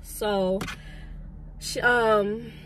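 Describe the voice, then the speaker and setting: A young adult woman and lash artist telling a storytime with a calm, chatty delivery full of "like". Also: medium pitch, extremely slow, a little hiss or hum. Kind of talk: casual storytime.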